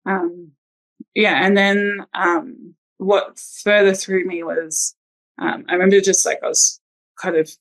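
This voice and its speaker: A woman's voice: lowish voice, little pitch movement, slow pace, poor audio. A woman telling her birth story in a casual interview, chatty with lots of ums and likes. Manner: chatty, many ums and likes, acts out quotes.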